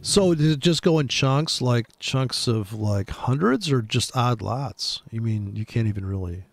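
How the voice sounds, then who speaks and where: A man's voice: mid-range voice, animated, a little slow, creaky, dry recording. A man hosting a casual chat, telling rambling, profane trading stories full of restarts.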